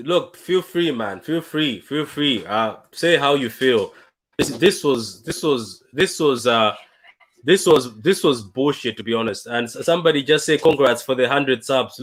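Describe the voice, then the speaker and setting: A man's voice: medium pitch, fairly bright tone. Gutted man hosting a fan livestream. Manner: dejected, repetitive, halting with many restarts. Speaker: fan channel livestream host. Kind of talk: emotional post-match fan livestream.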